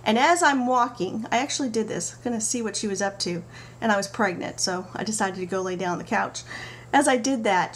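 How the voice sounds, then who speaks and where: A middle-aged woman talking to camera about parenting, telling stories in an animated way with playful asides. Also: mid-range voice, brisk. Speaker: parenting vlogger. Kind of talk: casual talk to camera. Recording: faint background noise.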